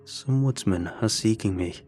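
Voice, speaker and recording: A low, near-growling monster in a sharp suit, as a man puts him on for a horror story. Each word comes slow, cold and commanding, with a faint bed of music underneath. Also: lightly acted. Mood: menacing. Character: menacing male monster in a businessman's guise.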